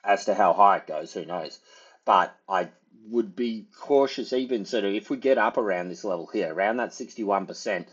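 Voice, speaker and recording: A man's voice: on the low side, moderate pace, fairly bright tone, slightly rough, muffled recording. A man, giving casual, rambling market commentary as a trader, full of fillers and hedges. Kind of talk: casual market analysis over charts.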